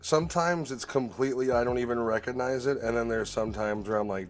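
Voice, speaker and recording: A man's voice: medium pitch, fast. Joking Chicago guy, cusses freely. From Chicago area. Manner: profane, joking, laid-back. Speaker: guest on stream. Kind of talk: casual chat.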